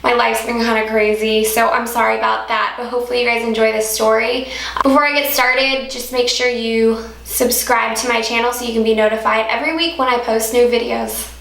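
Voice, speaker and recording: A woman's voice: a little high, level tone, brisk, vocal fry, fairly bright tone. A young woman from Alaska, telling a personal story to camera in a chatty vlog style, full of "like". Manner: chatty, heavy use of "like". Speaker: vlogger. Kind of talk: casual story-time monologue. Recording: echoey room.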